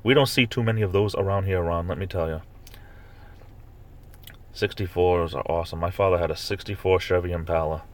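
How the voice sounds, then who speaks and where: Rambling low-voiced male live streamer. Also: a little fast, pauses often. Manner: rambling, chatty, with repeated fillers and restarts; bursts into high-pitched mock outrage when ranting. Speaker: live stream host reading chat. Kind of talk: casual live stream chat.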